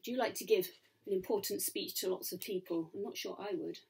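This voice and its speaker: A woman's voice: medium pitch, a little fast, creaky, darkish tone, breathy edge. A woman, a children's author, reading her picture book aloud and talking to young listeners about the pictures. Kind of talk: storybook read-aloud for children.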